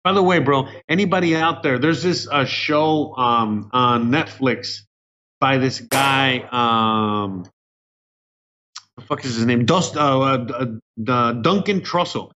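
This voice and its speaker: A man's voice: medium pitch, slow pace, pushed and bright. A young man co-hosting a podcast, rambling and swearing in casual chat. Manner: rambling, profane, jokey. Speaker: podcast co-host. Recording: muffled lo-fi podcast audio.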